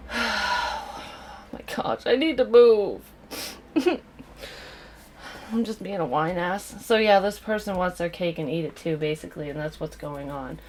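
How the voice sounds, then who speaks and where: Low-voiced blunt woman doing a tarot reading. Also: slight background noise. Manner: blunt, swears freely, drifts into rants. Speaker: psychic tarot reader. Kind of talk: casual tarot reading to camera.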